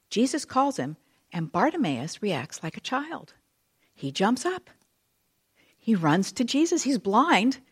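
A woman leads a Bible study, her voice swinging widely up and down as she tells the story. She talks in a chatty, expressive way and drops in casual asides. Her pitch sits in a middle range for a woman. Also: unhurried, husky. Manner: expressive, animated retelling. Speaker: Bible teacher.

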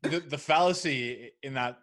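A man's voice: medium pitch, unhurried, fairly bright tone. A man talking as a podcast guest, candid and thinking aloud with frequent restarts. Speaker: guest, app founder. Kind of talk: casual conversation.

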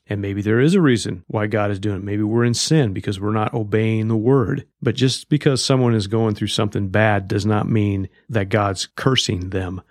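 Blunt, low-voiced male Bible teacher. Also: no echo, clean studio sound. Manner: conversational and blunt, reads scripture aloud.

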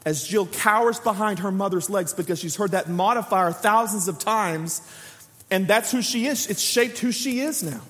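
A man around forty, a pastor preaching a sermon with lively storytelling, acting out the voices in his stories. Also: sits high, normal speed, in a large hall. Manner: lively storytelling preacher who acts out quoted dialogue.

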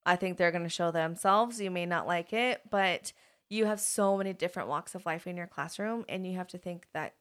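A woman's voice: fairly low pitch, brisk. A young adult woman, a teacher, chatting casually on a podcast and filling her talk with "like.". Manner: chatty, peppered with "like", animated when quoting kids. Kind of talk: casual chat.

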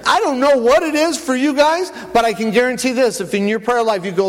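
High-voiced preaching man in echoing hall. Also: a little fast, hardly any pauses. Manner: animated, swings from loud to low. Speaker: pastor. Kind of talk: sermon. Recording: long church hall reverb.

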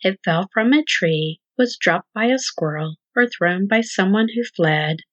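A woman voicing a gentle mother hen who speaks in a soothing, reassuring way. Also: medium pitch, animated, measured pace, no echo. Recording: dull lo-fi dry recording.

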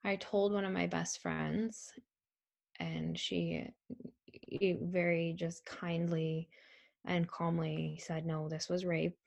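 A young woman telling a personal story in a halting, soft-spoken way, with frequent pauses and ums. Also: fairly low pitch, level tone, creaky. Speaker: survivor telling her story. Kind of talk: personal testimony.

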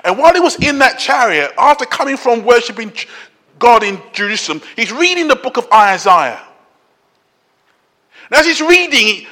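Middle-aged male preacher, high and bright, repetitive emphatic delivery, reverberant hall. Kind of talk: sermon.

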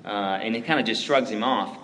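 A man preaching a sermon, praying and then telling a story in a relaxed, chatty way, full of "like" and "right?". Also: lowish voice, a little fast, slight background noise, rough recording. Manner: conversational, lots of fillers like "like" and "right?". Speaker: pastor.

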